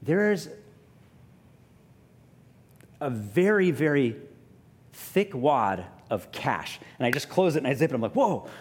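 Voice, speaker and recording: Pastor storytelling in a reverberant hall. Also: male voice, mid-range voice, moderate pace. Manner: lively storyteller, self-mocking, voice drops soft and quiet for reflection. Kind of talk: sermon storytelling. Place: church sanctuary.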